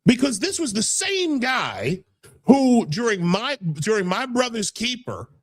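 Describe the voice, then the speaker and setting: A man's voice: very high voice, big pitch swings, measured pace, fairly bright tone. A man hosting a casual political talk show, heated and rambling, often repeating words as he builds his point. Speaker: podcast host.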